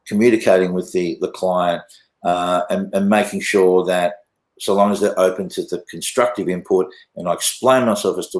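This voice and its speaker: Aussie guy, low voice, swears a lot, rambly stories, echoey room. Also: a little mellow. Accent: Australian. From Australia. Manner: swears freely, loose storytelling. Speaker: guest, mastering engineer. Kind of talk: casual interview chat.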